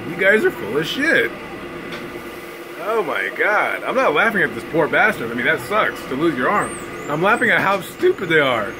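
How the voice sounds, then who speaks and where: A sarcastic man rants in a casual, mocking tone and keeps cracking himself up. His voice sits a little high for a man. A steady air-conditioning hum runs under the recording. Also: normal speed. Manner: sarcastic, mocking, laughs at own jokes. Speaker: vlogger. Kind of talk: casual ranting commentary.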